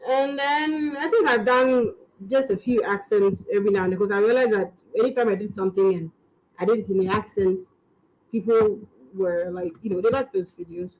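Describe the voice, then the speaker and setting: A woman's voice: medium pitch, normal speed, low-quality recording. A woman from Ghana with a Ghanaian English accent, chatting casually as a comedian guest in an interview, rambling and laughing through her stories. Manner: animated, rambling, laughing storyteller.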